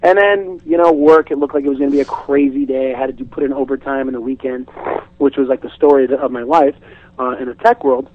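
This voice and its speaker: A comedian guest on a radio talk show, a man telling an animated, chatty story and restarting his sentences often. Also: medium pitch, fast talker, no room sound, muffled recording. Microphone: studio microphone.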